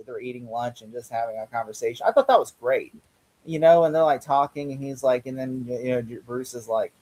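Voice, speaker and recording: A man hosting a casual TV recap chat, acting out characters' lines in quick put-on voices. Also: medium pitch, warm tone. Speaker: podcast host.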